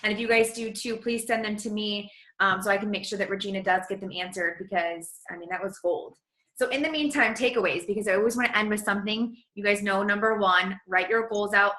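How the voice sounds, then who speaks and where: A woman's voice: medium pitch, a little fast, reverberant, rough recording. Bubbly woman hosting a coaching call. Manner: gushing, energetic, casual. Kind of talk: upbeat motivational call.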